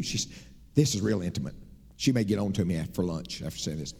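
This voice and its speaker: A middle-aged man preaching a sermon as pastor, telling folksy stories and moving between loud emphatic lines and soft confiding asides. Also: deep voice, animated, fast, gravelly, husky. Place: church sanctuary. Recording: reverberant church sanctuary.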